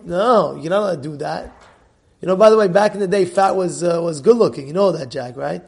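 Animated, gravelly male Torah teacher. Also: a little high, fast talker. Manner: animated, repeats and restarts, Hebrew terms. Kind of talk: Torah class with a story.

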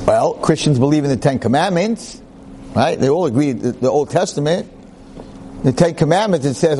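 Male lecturer telling a story, very lively pitch, faint background noise. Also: moderate pace. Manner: animated, acts out voices, conversational.

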